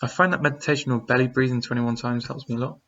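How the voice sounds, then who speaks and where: A man chats loosely on a live stream, reading viewer questions aloud and wandering through his answers with plenty of ums. His voice sits at an ordinary middle pitch. The stream audio is a little dull and lo-fi. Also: steady tone, fast talker, fairly bright tone, slight background noise. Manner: rambling, reads out chat messages with many fillers. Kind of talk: casual live-stream chat.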